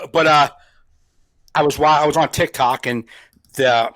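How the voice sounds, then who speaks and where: A man's voice: fairly high pitch, takes it slowly, a bit bright, no room sound. Jersey-accented male comedian co-host, dry close sound, playful riffing, frequent laughs. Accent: New Jersey. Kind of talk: casual chat.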